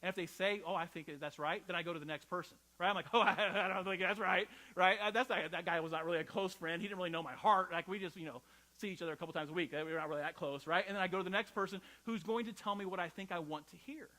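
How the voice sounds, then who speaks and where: A middle-aged man preaching like he's talking with friends, personal and unpolished, tossing in "right?" to keep the room with him. His voice is bright and forward and sits a touch high for a man. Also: very fast, low-quality recording. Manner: conversational, personal storytelling with frequent "right?". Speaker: pastor. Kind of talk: sermon.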